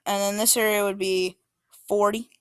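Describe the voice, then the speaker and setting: A woman's voice: mid-range voice, level tone, moderate pace, clean tone, no room sound. Casual hesitant woman presenting maps. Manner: informal, hesitant, many fillers. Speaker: student presenter.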